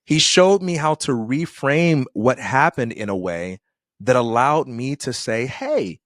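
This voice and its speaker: A middle-aged man talking as a podcast guest, unhurried and reflective, at an ordinary mid pitch. His voice is recorded close and dry, with almost no room sound around it. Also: lively intonation, a bit bright, no echo. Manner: thoughtful, acts out quoted people in dialogue. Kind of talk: reflective conversational storytelling.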